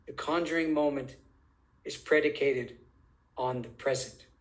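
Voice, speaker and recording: A man's voice: medium pitch, fairly even intonation, rough recording. A man speaking as an interview guest, making his point emphatically and drawing out phrases as he poses rhetorical questions. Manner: deliberate, drawn-out phrasing. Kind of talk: conversational interview.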